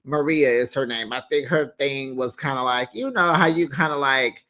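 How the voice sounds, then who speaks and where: A man's voice: mid-range voice, normal speed, hardly any pauses, pushed and bright. A man hosting a casual reality TV recap, sassy and chatty, with lots of fillers and asides. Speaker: recap host.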